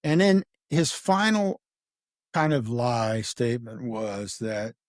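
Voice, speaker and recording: A man's voice: mid-range voice, takes it slowly, no room sound, studio quality. A middle-aged man, a retired homicide detective, casually recounting a case, rambling with fillers and acting out the dialogue. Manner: rambling, acts out quoted dialogue, many fillers. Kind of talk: casual true-crime storytelling.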